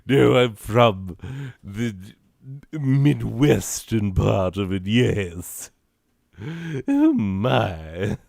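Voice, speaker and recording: A man's voice: lowish voice, very animated, drawn-out words, gravelly, a little mellow, no echo, clean studio sound, heavily acted. A man voicing a snooty, prudish old-fashioned lady who lectures about proper manners in a haughty, affected accent. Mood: indignant. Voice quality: haughty, affected upper-class lilt. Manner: scolding and prudish, lecturing the listener. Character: snooty prim old-fashioned lady giving etiquette tips.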